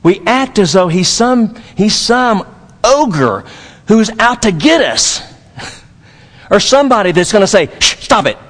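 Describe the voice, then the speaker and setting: A man's voice: high-pitched, sing-song, unhurried, big-room sound. A man from Dallas, Texas, preaching a sermon as pastor, emphatic and repetitive, with folksy humor.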